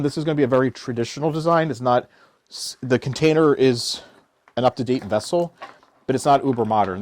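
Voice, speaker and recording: A man's voice: mid-range voice, a little mellow, no echo. A middle-aged man giving a casual, chatty flower-arranging tutorial as a florist, joking as he works. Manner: chatty, jokey, self-deprecating. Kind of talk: casual floral design tutorial.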